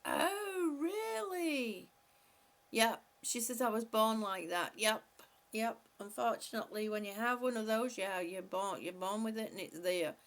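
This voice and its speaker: A woman's voice: mid-range voice, normal speed, a bit bright. A woman reading viewer comments aloud on a live stream and answering them in a chatty way, laughing often. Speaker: vlogger reading live chat. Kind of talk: casual live-stream chat.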